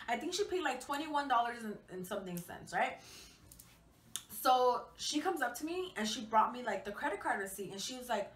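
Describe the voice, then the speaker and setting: Bright, chatty young woman in an echoey room. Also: a little high, expressive, a little fast. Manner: chatty, swears freely, lots of fillers. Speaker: vlogger. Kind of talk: casual storytime vlog. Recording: echoey room, mic at a distance, faint hiss.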